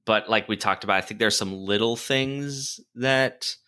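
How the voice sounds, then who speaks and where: A man with a low but bright, forceful voice tells film scenes with animation and laughs freely as he goes. He talks casually with his co-host on a podcast. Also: measured pace, smooth. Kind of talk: casual film review chat.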